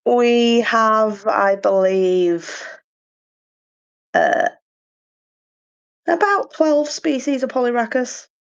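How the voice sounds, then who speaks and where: A woman guest chats on a podcast in a loose, rambling way. She fills her pauses with ums and pokes fun at herself. The recording sounds a little dull and lo-fi. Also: on the high side, clear, resonant tone. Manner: chatty, self-deprecating, many ums. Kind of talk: casual podcast chat. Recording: slightly muffled lo-fi sound.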